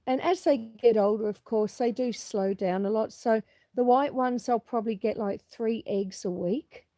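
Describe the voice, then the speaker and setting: Outdoors on a farm near some cows, a coughing middle-aged woman hosts a casual live-stream walk, reading out what viewers write. Her voice is on the high side and mellow, at a normal pace, and the recording is dry.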